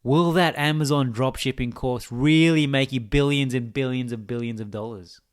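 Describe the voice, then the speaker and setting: A man's voice: medium pitch, steady tone, moderate pace, clean tone. Australian man rambling mock-philosophically. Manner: musing, mock-philosophical, teasing the viewer. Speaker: gaming video creator. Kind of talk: rambling end-of-video monologue.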